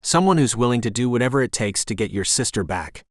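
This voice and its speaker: A man's voice: medium pitch, expressive, fast, dry recording, studio quality, lightly acted. Man voicing a bossy, blunt young woman. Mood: exasperated. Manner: sharp, exasperated, no-nonsense.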